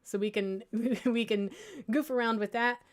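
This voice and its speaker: A woman librarian giving a casual software tutorial, thinking aloud, with lots of fillers and restarts and a playful, self-mocking humor. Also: on the high side, steady tone, measured pace. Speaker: librarian teaching audio editing.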